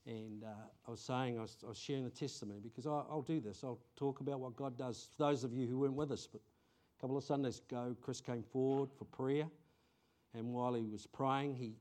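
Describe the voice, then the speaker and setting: A middle-aged man, preaching a conversational sermon and telling stories with sudden bursts of excitement. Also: mid-range voice. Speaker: pastor.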